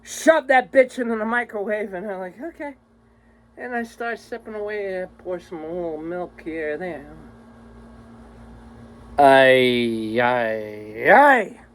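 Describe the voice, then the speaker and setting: A man's voice: high-pitched, moderate pace, few pauses, a little hiss or hum, rough recording. A man vlogging a rambling, exasperated, profanity-heavy rant to his viewers. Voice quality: crude, swears constantly, exasperated.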